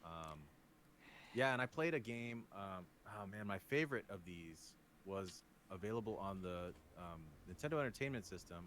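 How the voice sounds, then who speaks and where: This American guest on a gaming stream has a lowish, slightly bright voice and speaks animatedly at a moderate pace. He jokes and chats casually over game music, with a bit of background noise present.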